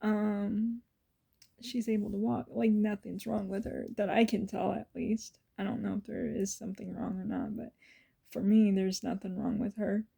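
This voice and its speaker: A woman's voice: mid-range voice, level tone, moderate pace, vocal fry, dark tone, breathy edge. A woman vlogger telling personal stories in an earnest, emotional way, often dropping to a whisper. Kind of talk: casual personal storytelling.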